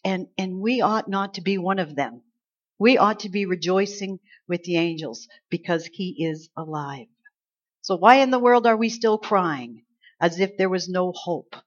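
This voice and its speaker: A woman preaching a conversational Easter sermon, acting out quoted lines with lively emphasis. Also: on the low side, measured pace. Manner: conversational, animated, acts out angels' lines. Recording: slightly dull lo-fi sound.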